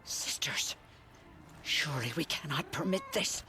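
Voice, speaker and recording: An actress playing a stern tribal matriarch who speaks in a grave, solemn manner, heard as game audio. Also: female voice, sits low, lively intonation, a little slow, whispered.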